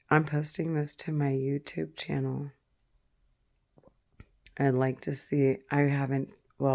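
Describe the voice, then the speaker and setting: A woman vlogger talking casually to the camera, halting, with frequent pauses and fillers. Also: very deep voice, gravelly, a little mellow.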